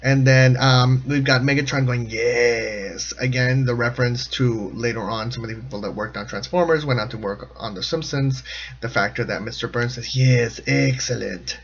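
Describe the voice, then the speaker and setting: A man's voice: medium pitch, breathy edge, lo-fi sound. A man giving casual, jokey commentary on a cartoon episode, rambling and often laughing mid-sentence. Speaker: show commentator.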